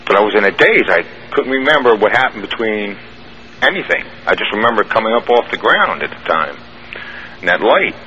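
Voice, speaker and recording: On a muffled radio broadcast with faint hiss, a guest caller recounts an experience at length. He's a man with a lowish, very animated voice, a little fast, pushed and bright, telling his first-person story plainly and ramblingly, restarting as he goes.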